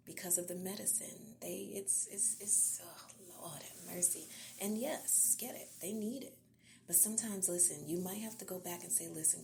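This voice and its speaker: A woman podcast host, giving an encouraging devotional talk in a soft, half-whispered, earnest voice. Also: lowish voice, vocal fry, slight background noise.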